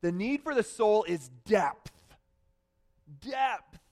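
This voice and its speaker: A male pastor delivers a sermon in a fairly high voice. He tells stories with animation, rising to loud bursts and then dropping to hushed, confessional tones. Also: lively intonation, a little slow.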